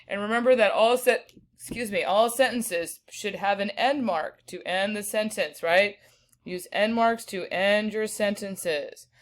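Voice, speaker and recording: A woman's voice: mid-range voice, unhurried. A woman teacher giving a patient grammar lesson, checking in with her students often. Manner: patient, checks in with "right?" and "okay".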